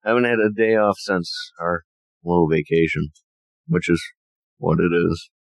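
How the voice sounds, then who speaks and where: A man co-hosting a podcast, explaining things in a casual, halting way with many fillers. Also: sits low, dry recording, low-quality recording. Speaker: podcast co-host. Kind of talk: casual chat.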